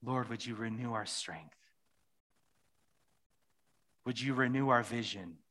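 A man's voice: mid-range voice, slow pace, pushed and bright. A man preaching a sermon and leading a closing prayer, speaking earnestly and often repeating phrases. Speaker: pastor.

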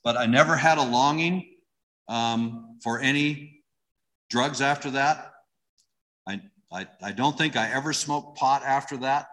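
A man's voice: medium pitch, measured pace, a bit bright. A middle-aged man giving an emotional personal testimony in conversational storytelling. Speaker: church member giving testimony.

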